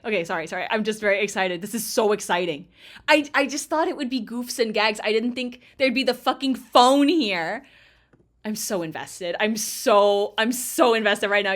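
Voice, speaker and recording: A young woman streaming a video game, reacting with excited, swearing, laughing commentary. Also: on the high side. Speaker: gaming streamer. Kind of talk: excited casual let's-play commentary. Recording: game music under voice. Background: game music.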